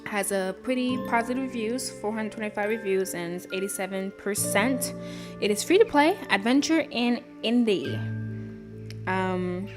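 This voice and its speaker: A woman's voice: medium pitch, moderate pace. A tired woman streamer chatting casually on a live stream, rambling with lots of fillers. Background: background music.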